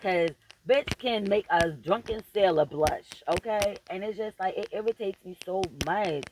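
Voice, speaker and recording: A woman's voice: medium pitch, unhurried, noisy background. A woman vlogger giving a profane, emphatic and preachy motivational rant straight to her viewers, repeating phrases for emphasis.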